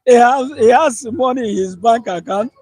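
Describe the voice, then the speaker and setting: A Nigerian man with a strikingly high voice vents in an animated, ranting way, breaking into laughter as he complains. The recording is dry and close, with no room sound. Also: normal speed, no echo, rough recording. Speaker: interviewee. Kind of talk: street interview.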